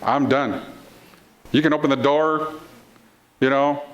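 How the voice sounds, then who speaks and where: A man's voice: medium pitch, steady tone, slow, lo-fi sound. A middle-aged man preaching a sermon in a playful, conversational way, acting out the people in his stories. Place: congregation hall.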